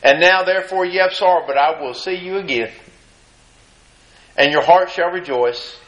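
A man's voice: high voice, moderate pace, fairly bright tone, dull audio. A man preaching a sermon, reading scripture aloud and then commenting on it in a folksy, emphatic way. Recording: roomy echo.

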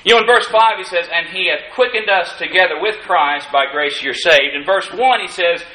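High, bright-voiced preacher in an echoey church. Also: male voice, moderate pace. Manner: folksy preaching with dry humorous asides; rises in emphasis on key lines. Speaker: pastor. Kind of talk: sermon. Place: church sanctuary. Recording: echoey room. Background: congregation calling out amens.

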